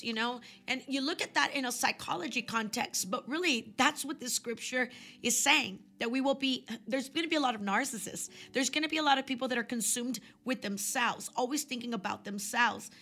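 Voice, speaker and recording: A woman hosting her own podcast, teaching from scripture in a chatty, conversational way and slowing down to read verses. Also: high-pitched, sharp tone. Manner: chatty, many fillers, slows down for scripture. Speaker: podcast host and Bible teacher.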